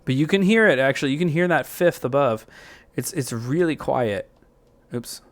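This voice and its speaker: A man with a mid-range, expressive voice talks at a normal speed while hosting a music software tutorial. He thinks out loud in a loose, rambling manner, full of fillers and self-corrections.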